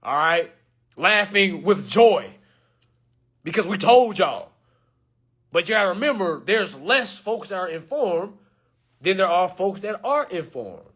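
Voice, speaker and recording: A man ranting to camera in an animated, joking way, loud and slangy, calling out to his viewers. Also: high voice, a little slow, long pauses.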